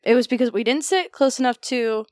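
A woman's voice: on the high side, brisk, darkish tone, no room sound, clean studio sound. A woman from Indiana co-hosting a podcast, telling rambling stories with restarts and some cursing. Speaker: podcast co-host. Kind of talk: casual chat.

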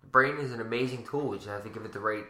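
A man's voice: on the low side, very fast, sharp tone, echoey room. A man hosting a casual chat, mostly giving brief agreeing replies. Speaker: host.

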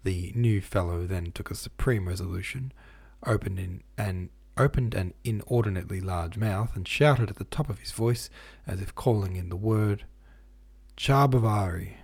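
Husky-voiced man reading a novel aloud. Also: sits low. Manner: steady, measured reading that stops to explain footnotes. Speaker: audiobook reader.

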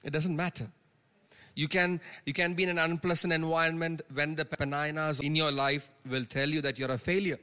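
A pastor's slightly high voice is sharp, clear and resonant, level in tone and at normal speed. He preaches emphatically in a church sanctuary, repeating phrases and calling "Amen?", with the long reverb of the hall on the recording.

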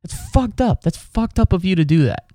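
Man plays cartoonish indignant koala, yelling high, dry room. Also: wildly swooping pitch, normal speed, no echo. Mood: outraged. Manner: outraged, swearing. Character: indignant koala, betrayed and embarrassed.

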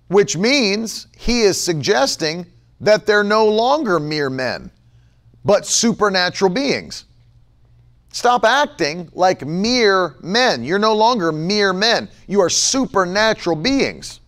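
Emphatic animated male preacher. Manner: emphatic, repeats key phrases, mocks others in a low mumbling voice. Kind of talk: livestream sermon.

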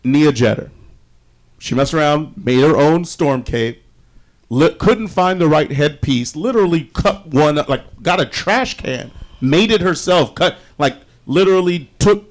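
A man with a slightly high voice tells a long, rambling story in a relaxed group chat. He circles back with fillers and restarts and drops in the odd mild curse. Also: unhurried. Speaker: podcast co-host.

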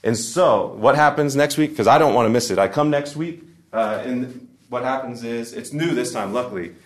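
Speaking conversationally before a live forum crowd, a man tells funny stories, often stopping and starting over mid-thought. The room's echo is noticeable, and he talks at a moderate pace in a mid-range voice.

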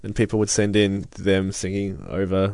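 Teasing, lower-voiced man. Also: flat delivery, normal speed, a little mellow, dry recording. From Australia. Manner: teasing, dry sarcasm. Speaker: podcast co-host. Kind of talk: casual chat.

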